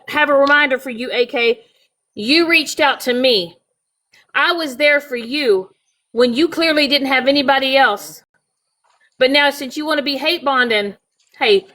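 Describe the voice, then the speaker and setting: A woman's voice: high-pitched, pushed and bright. A woman hosting a live stream, ranting bluntly and profanely and confronting her critics directly. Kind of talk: heated live stream rant.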